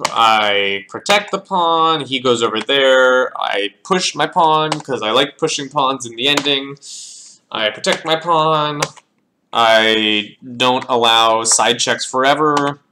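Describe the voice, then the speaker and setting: A man's voice: mid-range voice, slow pace, sharp tone, a little hiss or hum. A man casually reviewing his own chess games, thinking aloud as he calls out the moves and often repeating words. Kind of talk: casual game analysis.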